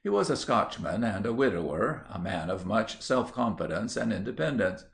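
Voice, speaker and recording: A man reading a classic story aloud in a measured, literary narration. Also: lowish voice, sing-song, vocal fry. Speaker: audiobook reader.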